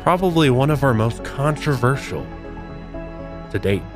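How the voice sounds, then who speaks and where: A male podcast host narrating with theatrical, mock-serious drama. His pitch swings widely from line to line. His voice sits at a middle pitch. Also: lively intonation, measured pace, music in the background.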